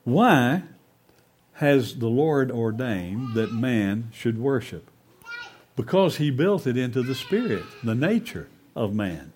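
A man's voice: mid-range voice, sing-song, takes it slowly, a little mellow, a little hiss or hum. A man preaching a sermon, telling a fable in a folksy, emphatic way before making his points.

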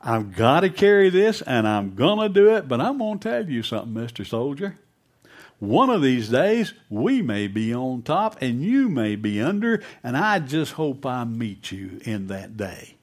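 A man's voice: mid-range voice, sing-song, unhurried. A man voicing a resentful farmer who is seething with anger at being forced to work. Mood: grudging. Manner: tense, bitter, raised voice.

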